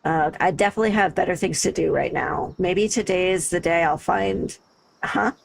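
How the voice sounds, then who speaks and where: Chatty woman streamer, lowish voice. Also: a little fast, gravelly, a little hiss or hum, rough recording. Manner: chatty, laughs easily, thinks aloud. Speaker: livestreamer. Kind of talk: casual gaming commentary. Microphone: desk microphone.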